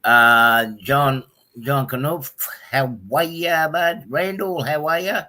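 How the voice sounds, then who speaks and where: A man's voice: on the high side, steady tone, slow pace, pushed and bright. An Australian man hosting a casual livestream, chatting loosely and greeting viewers one by one with lots of ums. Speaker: livestream host.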